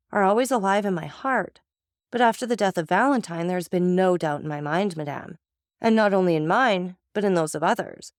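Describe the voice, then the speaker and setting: A woman's voice: mid-range voice, no echo, clean studio sound, natural voice. A woman voicing a stern, cold-blooded male magistrate who speaks with contempt and accusation.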